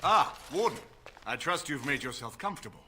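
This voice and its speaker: An actor playing an older nobleman who speaks in a formal, measured, courteous way. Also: a little high, lively intonation, bright, forceful tone. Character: older male noble lord, grave and measured.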